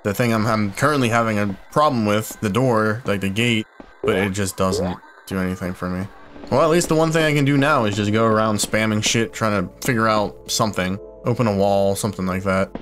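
Young male let's-player, lowish voice, foul-mouthed and puzzled, clear game music under him. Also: brisk. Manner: frustrated, swearing a lot, bursts of loud surprise. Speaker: gaming YouTuber. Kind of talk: let's play commentary. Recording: game music playing behind.

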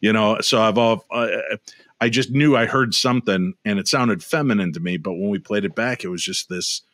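A middle-aged man with a low-pitched voice tells stories as a guest over a video call. He acts out each exchange with lively emphasis. The sound is close and dry, with no room around it. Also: normal speed, no room sound. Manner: animated storyteller acting out dialogue. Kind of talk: storytelling interview.

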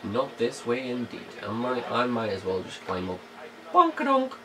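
A man's voice: mid-range voice, normal speed, a crowd in the background, low-quality recording. A man casually commenting on his gameplay as a let's play host, jokey and playful, humming and muttering to himself.

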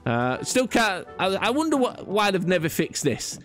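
A man's voice: high-pitched, sing-song, normal speed, fairly bright tone, faint music behind. A man rambling through casual gameplay commentary, chatty and self-mocking with frequent restarts. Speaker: gaming YouTuber.

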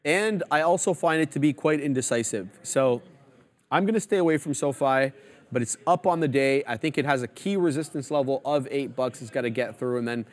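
A man's voice: medium pitch, fairly quick. A man hosting a live trading show, giving casual, chatty market commentary as he walks through stock charts. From Canada.

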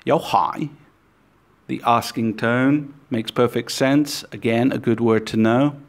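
Slow, deliberate male language teacher. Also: mid-range voice, steady tone. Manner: slow, deliberate, repeating example words. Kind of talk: scripted language lesson.

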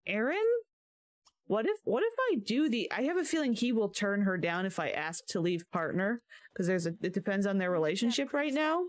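A woman giving casual commentary while playing a life-sim game, chatty and quick to laugh and gasp at what happens. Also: medium pitch, big pitch swings, dry recording, clean studio sound. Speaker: gaming video creator.

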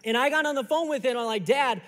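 Guy pastor preaching, kinda high voice, big echoey church, chatty storytelling with lots of repeats. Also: rapid-fire. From Chicago area. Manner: animated, conversational storytelling with repeated phrases. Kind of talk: storytelling sermon. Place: church sanctuary.

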